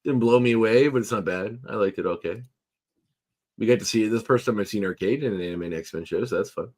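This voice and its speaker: Chatty, rambling man with a lowish voice. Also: quick pace, a little mellow. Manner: rambling, chatty storyteller with frequent fillers and laughs. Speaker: podcast co-host. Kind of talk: casual chat.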